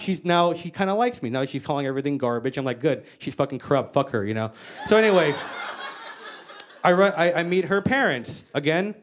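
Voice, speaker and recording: A woman performing stand-up comedy in a brash, profane storytelling style with acted-out quotes, speaking into a handheld mic on stage. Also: low voice. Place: stage before a live audience.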